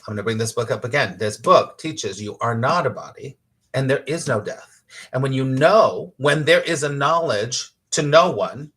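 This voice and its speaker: Bright, animated man giving a spiritual talk. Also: medium pitch, moderate pace, slightly rough. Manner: animated and emphatic, laughs easily, acts out inner voices; swears casually. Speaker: spiritual teacher hosting a live morning show. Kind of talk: casual spiritual talk, reading audience comments.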